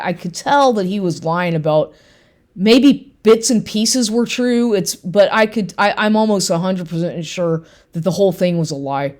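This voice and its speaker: A woman's voice: lowish voice, normal speed. A woman from Texas telling a story about a lying ex in a casual rant, acting out both sides of the conversation and swearing often. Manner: animated, quotes people, swears, repeats herself.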